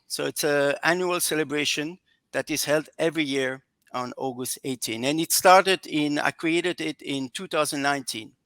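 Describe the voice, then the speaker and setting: A man with a French accent answering a podcast interviewer, pausing and searching for words as he goes. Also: on the high side, fairly bright tone, no room sound. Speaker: podcast guest.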